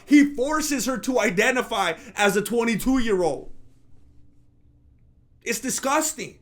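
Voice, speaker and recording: Host: man with a very high voice, sarcastic mock-outraged commentary. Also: lively intonation, measured pace, pauses often, fairly bright tone. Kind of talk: comedic commentary rant.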